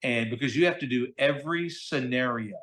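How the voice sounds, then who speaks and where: A middle-aged man, a voice actor who is a guest in a casual interview, telling stories in an animated, slangy way. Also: medium pitch, brisk. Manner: animated, chatty storyteller, slangy with "dude" and "okay?".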